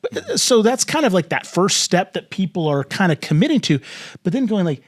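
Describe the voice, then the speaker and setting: A man's voice: sits high, brisk. A man co-hosting a church podcast in casual chat, acting out little quoted voices as he talks. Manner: animated, acts out quoted voices.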